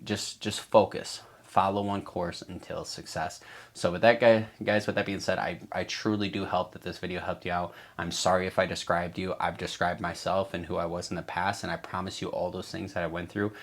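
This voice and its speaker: A man's voice: low-pitched, level tone, a little fast. A man giving a casual coaching talk to traders, emphatic and repetitive, swearing freely and acting out a trader's inner voice. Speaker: trading coach.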